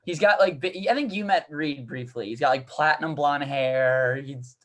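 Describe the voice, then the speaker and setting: On a comedy podcast, a male co-host with a bright, high-ish voice talks at a moderate pace. His casual anecdote meanders with frequent restarts, and he laughs as he tells it.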